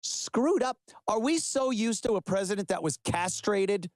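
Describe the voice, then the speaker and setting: A middle-aged man hosts his own show, ranting with a sarcastic, mocking edge and hammering his points. His voice sits a bit higher than most men's. It is recorded close and dry, with no room sound. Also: lively intonation, measured pace, no room sound. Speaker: web show host. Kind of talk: ranting political commentary.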